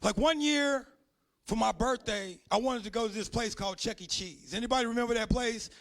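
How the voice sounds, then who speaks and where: A man works a comedy club crowd with a brash, profane storytelling set. His voice sits high and has a gravelly crackle to it. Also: fairly quick, a bit bright. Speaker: stand-up comedian.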